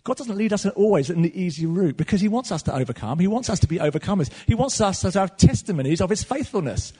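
High-voiced preacher in a reverberant hall. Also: male voice, quick pace, slightly rough. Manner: animated preaching, swinging from loud to soft. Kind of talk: sermon. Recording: long reverb of a large hall.

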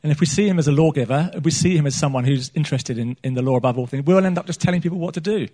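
A man preaching in a small church keeps his sermon light and humorous, occasionally asking the congregation questions to poll them. His voice is strikingly high yet warm in tone.

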